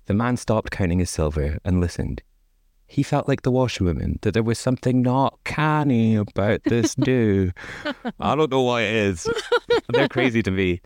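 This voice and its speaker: A man's voice: fairly low pitch, lively intonation, normal speed, a little mellow, no echo, studio quality. A man co-hosting a podcast, reading a fairy tale aloud with wry, casual asides. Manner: wry asides, frequent laughs, many "like"s. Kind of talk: casual read-aloud with commentary.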